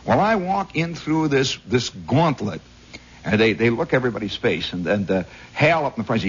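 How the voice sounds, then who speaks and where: Heard on a dull 1960s radio recording, a man from Indiana hosts and delivers a wandering storytelling monologue. He's a husky, lively raconteur whose medium-pitched voice keeps a moderate pace.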